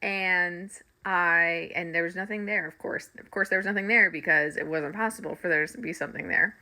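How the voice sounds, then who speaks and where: A middle-aged woman, a spiritual reader and coach, casually telling her viewers a story, animated and laughing often. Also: fairly low pitch, fairly quick.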